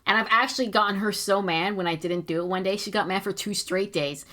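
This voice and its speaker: Bright-voiced giggly woman streamer. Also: medium pitch, a little fast. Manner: giggly, chatty and self-mocking. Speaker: streamer and artist. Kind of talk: casual chat while drawing.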